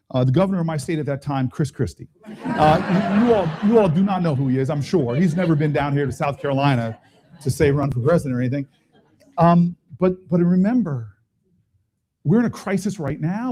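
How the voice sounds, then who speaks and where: A man's voice: a little high, mellow. A middle-aged man, a politician, telling stories in a speech at a town hall, with quoted voices and chuckles.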